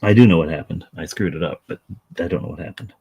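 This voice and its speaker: A man's voice: low-pitched, quick pace, vocal fry, dark tone, husky, dull audio. A man chatting casually on a live stream while he paints miniatures, rambling, self-deprecating and talking to his dog.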